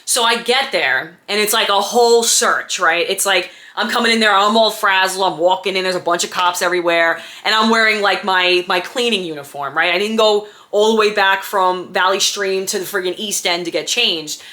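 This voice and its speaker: A woman in her thirties casually telling a personal story, animated and acting out quoted dialogue, with lots of "like" and "right?". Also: medium pitch, moderate pace, hardly any pauses. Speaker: former diaper service owner.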